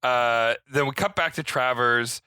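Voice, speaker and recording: A man recapping a movie in casual podcast chat, talking fast and loose, laughing and acting out lines as he goes. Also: medium pitch, pushed and bright, clean tone, dry recording. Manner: chatty, laughing, acts out quotes. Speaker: podcast host recapping a film.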